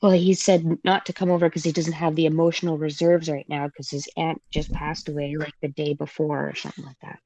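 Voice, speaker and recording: A woman in her thirties calling in to a show, telling her story in a hesitant, halting way with many fillers. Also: low-pitched, flat delivery, a little mellow, no room sound. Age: 30s. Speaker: caller. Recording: dull phone-line caller audio.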